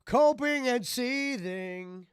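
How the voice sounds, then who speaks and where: A man's voice: very high-pitched, drawn-out words, clean tone, dry recording. A man from Cleveland in casual podcast chat, retelling stories and mimicking what others said. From Cleveland, USA. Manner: animated retelling, mimics quotes.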